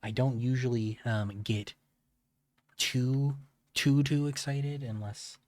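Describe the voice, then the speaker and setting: A man streaming a video game, talking in a laid-back, halting way with many fillers. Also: medium pitch, darkish tone, dry recording. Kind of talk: casual gameplay commentary.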